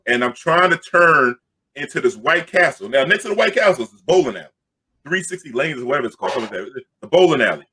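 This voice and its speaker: Husky, bright-voiced New storyteller. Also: male voice, mid-range voice, fast. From Queens, New York. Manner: excitable, jokey, loudly acts out the crowd. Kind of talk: animated storytelling.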